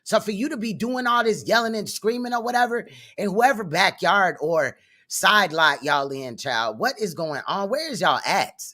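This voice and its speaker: A woman's voice: mid-range voice, lively intonation, normal speed, fairly bright tone. A woman commentator reacting to a clip, blunt and sarcastic, swearing freely.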